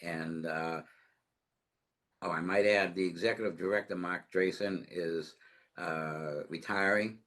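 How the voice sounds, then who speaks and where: Halting deep-voiced man at a town meeting. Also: fairly even intonation, a bit bright. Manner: halting, many fillers and restarts. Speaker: planning board member. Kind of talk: meeting announcement. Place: town planning board meeting.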